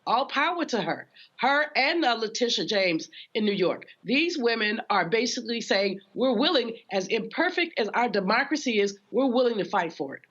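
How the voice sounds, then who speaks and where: A woman's voice: on the high side, big pitch swings, normal speed, a bit bright, dull audio. A woman guest commentator speaking in an emphatic, preacherly way. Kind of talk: passionate commentary.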